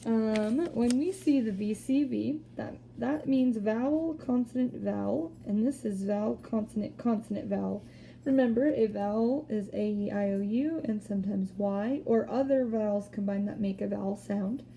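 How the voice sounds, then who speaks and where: A woman teacher giving a recorded spelling lesson, patiently explaining step by step and sounding out words slowly. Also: medium pitch, creaky, warm tone, a little hiss or hum. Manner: slow deliberate word-by-word sounding out.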